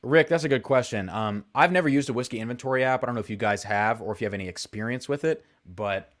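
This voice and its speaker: A man's voice: medium pitch, fast. A young man hosting a casual live stream, rambling and thinking aloud with lots of fillers and self-deprecating asides. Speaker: whiskey livestream host.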